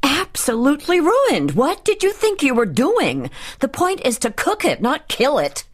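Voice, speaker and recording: A woman voicing an angry, sharp-tongued lady of the house who scolds shrilly, as an audiobook narrator. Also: medium pitch, animated, a little slow, slightly rough. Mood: furious.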